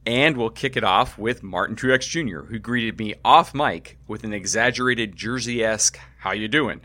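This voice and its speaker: Male podcast host, bright, slightly low voice, measured conversational delivery. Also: no echo. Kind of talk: podcast intro and interview.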